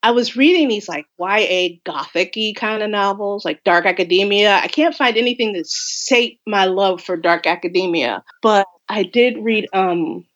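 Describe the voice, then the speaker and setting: A woman's voice: mid-range voice, normal speed, hardly any pauses, muffled recording. A woman horror writer speaking from home in an effusive, rambling, casual interview chat.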